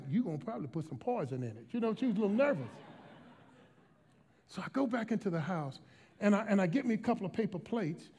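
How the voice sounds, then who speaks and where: A middle-aged male pastor from Washington, D.C., preaching a sermon with a notably high voice for a man. His delivery is emphatic and dynamic, moving from shouted lines to hushed storytelling.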